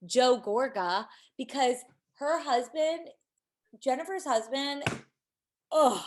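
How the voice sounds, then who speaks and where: A woman's voice: sits high, takes it slowly. A woman co-hosting a podcast, recapping reality TV episodes in a blunt, dry, casual way. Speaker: podcast co-host.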